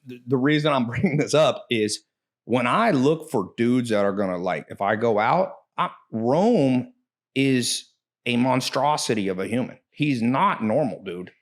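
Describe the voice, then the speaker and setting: A man's voice: mid-range voice, animated, unhurried. A man in casual podcast talk, telling brash, profane stories with sudden bursts of emphasis.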